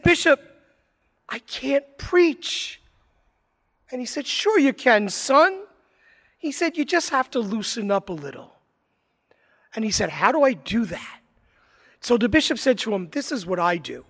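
A priest delivers his homily in a slow, deliberate way, building stories with dramatic pauses and sudden swells. His voice sits high for a man. The sound rings out with the long reverb of a large church. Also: fairly bright tone. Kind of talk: sermon with told anecdotes.

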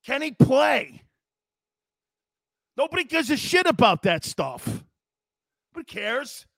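Brash high-voiced man ranting on sports. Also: no room sound, studio quality. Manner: loud, brash and animated, often shouting. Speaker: sports talk show host. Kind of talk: ranting sports talk monologue.

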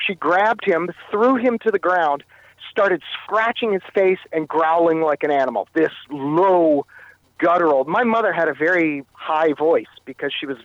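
A man with a somewhat high voice recounts his past as an interview guest. He talks haltingly and repeats words. The sound is dry and dull, like a lo-fi line. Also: no room sound. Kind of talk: telling a personal story in conversation.

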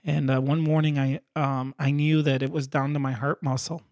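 A man's voice: mid-range voice, normal speed. A man sharing his faith testimony in an earnest, conversational way, acting out his prayers and the replies he heard. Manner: animated storyteller who acts out his prayers and God's replies.

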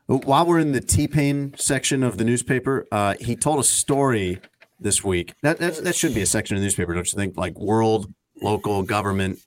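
Low-voiced teasing male host. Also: normal speed. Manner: rambling, teasing, meandering asides. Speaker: radio show host. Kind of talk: casual chat.

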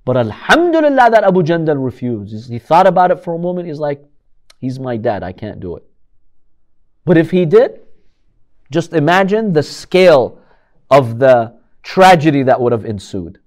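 A man's voice: a little high, very animated, moderate pace, darkish tone. A man giving a religious history lecture, telling the story dramatically and asking rhetorical questions.

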